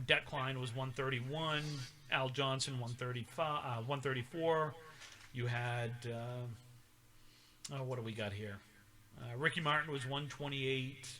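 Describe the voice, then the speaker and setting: A man's voice: medium pitch, sharp tone. A middle-aged man co-hosting a podcast in casual chat, rambling through old scores with many fillers. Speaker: podcast co-host.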